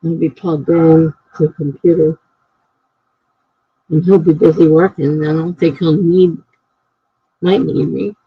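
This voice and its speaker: A woman writer chatting casually on her live stream, rambling and thinking out loud. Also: low voice, fairly even intonation, a little slow, creaky, long pauses, slightly rough. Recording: dry, slightly dull lo-fi mic.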